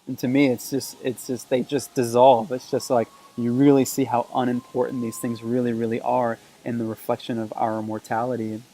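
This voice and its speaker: A man's voice: medium pitch, flat delivery, normal speed, hardly any pauses, warm tone, low-quality recording. A man talking to camera in an earnest, reflective way, repeating phrases for emphasis, recorded on a camera propped on a table. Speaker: vlogger. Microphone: camera mic on a table.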